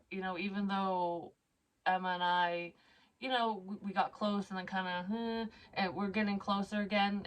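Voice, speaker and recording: A middle-aged woman vlogging casually as a psychic medium, rambling with many fillers and casual swearing, and reading cards aloud slowly. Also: medium pitch. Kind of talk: casual personal vlog.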